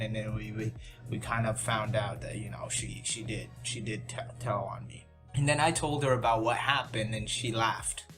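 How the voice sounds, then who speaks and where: A young man of middle pitch chats through a personal story in a loose, self-deprecating way, tripping over restarts and asides. Background music plays clearly under his voice throughout. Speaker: YouTube channel host. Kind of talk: casual storytelling vlog.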